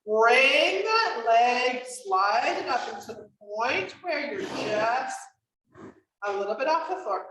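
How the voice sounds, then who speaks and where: A woman's voice: fairly high pitch, very animated, slow pace, bright, forceful tone. A woman leading a guided chair yoga class, encouraging and chatty. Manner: encouraging, chatty, laughs often. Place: community class room. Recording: echoey room, voice from far off mic.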